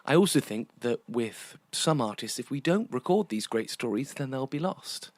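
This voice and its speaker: British man hosting a podcast, animated playful delivery, dry close sound. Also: mid-range voice, normal speed, no echo. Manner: playful, teasing, chatty. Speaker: podcast host and theatre director. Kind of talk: casual interview chat and monologue.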